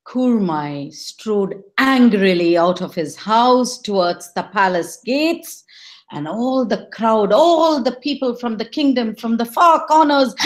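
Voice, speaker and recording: A woman telling a folktale in an expressive, dramatic manner. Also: mid-range voice. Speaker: storyteller. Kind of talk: oral storytelling.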